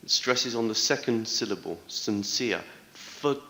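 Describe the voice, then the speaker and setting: A man's voice: fairly low pitch, normal speed, vocal fry, few pauses, bright, forceful tone, echoey room, long reverb tail. A man narrating a recorded screencast tutorial for teachers, explaining step by step and carefully stressing words. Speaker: teacher trainer. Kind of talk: screencast tutorial played back.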